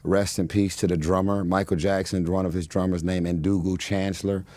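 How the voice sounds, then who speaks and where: A very deep-voiced man in his forties, a guest in a casual interview, telling a long rambling story. He pauses on fillers, restarts his phrases and laughs often. His voice sounds close and dry, with little room sound. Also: flat delivery, darkish tone, no echo. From Los Angeles, United States. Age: 40s.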